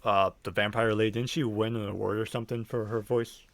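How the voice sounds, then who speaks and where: A man's voice: fairly low pitch, flat delivery, a little fast, vocal fry, a bit bright, no echo. A man co-hosting a podcast in casual chat, asking short questions. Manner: short questions and backchannel reactions. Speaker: podcast co-host.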